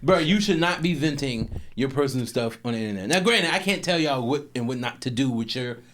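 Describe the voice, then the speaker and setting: A man co-hosting a podcast in casual chat, loud and playful, teasing, cursing and laughing a lot. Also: mid-range voice, lively intonation, brisk, noisy background. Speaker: podcast co-host.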